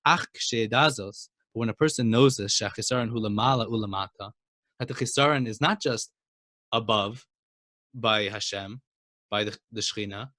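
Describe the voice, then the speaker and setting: A man teaching a Torah lesson and telling a story, speaking emphatically and building to excited exclamations. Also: mid-range voice, dry recording, clean studio sound.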